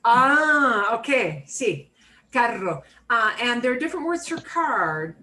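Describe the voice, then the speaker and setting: A woman teaching a beginner Spanish class, modeling words slowly and repeating them for students. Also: a little high, very animated, bright, forceful tone, low-quality recording. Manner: slow, clearly modeled pronunciation with repetition drills.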